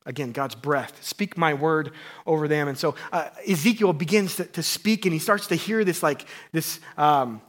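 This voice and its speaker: A man in his thirties, a pastor, preaches a sermon in a casual, playful manner, swinging between loud emphasis and hushed tones. His voice is a little high with lively intonation, at a normal speed with few pauses.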